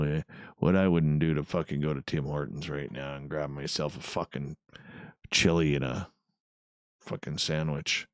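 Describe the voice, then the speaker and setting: A man's voice: very deep voice, unhurried, dry recording, studio quality. A man hosting a radio show, rambling and joking with swearing in a casual after-show chat while he edits.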